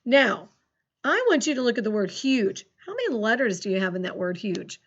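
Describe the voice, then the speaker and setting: A woman teaching a recorded phonics lesson to second graders, encouraging and slowly dictating sentences with big swings in her voice. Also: a little high, big pitch swings, highs cut off.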